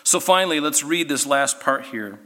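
A man teaching a Bible study class, animated and given to sarcastic asides. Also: a little high, moderate pace, big-room sound.

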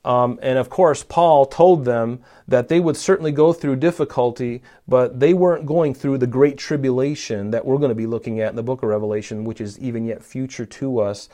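A man's voice: medium pitch, fairly quick, hardly any pauses, dark tone. A man preaching a sermon, teaching from scripture in an earnest, emphatic way and addressing listeners who are not in the room. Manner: earnest, emphatic Bible teaching with rising stress on key lines.

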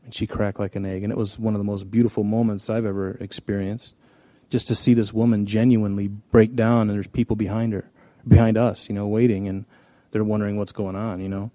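Folksy preacher man, mellow and dry. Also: on the low side, little pitch movement, a little fast, dry recording. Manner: folksy, storytelling, many restarts. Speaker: pastor. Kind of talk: conversational sermon.

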